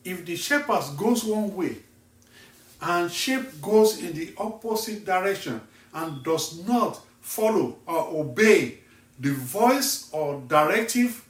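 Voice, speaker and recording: Nigerian evangelist guy preaching real slow and emphatic, kinda high voice, far off in an echoey room. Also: animated. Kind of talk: sermon. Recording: echoey room, voice set back from the mic.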